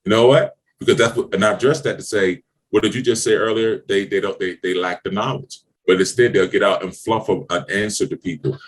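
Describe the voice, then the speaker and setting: A man's voice: lowish voice, a little fast, hardly any pauses. A middle-aged man giving blunt, preachy business advice in a podcast conversation, swearing freely and hammering his points home. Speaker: business mentor. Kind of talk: motivational podcast talk.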